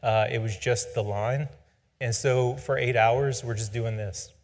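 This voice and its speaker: A man in his forties tells a personal story in a casual, rambling way. He pokes fun at himself in an average-pitched voice. His voice trails off into a long reverb. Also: fairly even intonation, measured pace. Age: 40s. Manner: rambling, self-deprecating, humorous.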